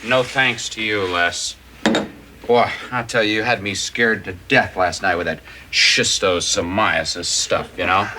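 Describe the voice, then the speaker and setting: A man's voice: lowish voice, unhurried, noisy background, lightly acted. An actor playing a worried male radio coworker who rambles nervously. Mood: anxious. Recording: loud music under old TV audio.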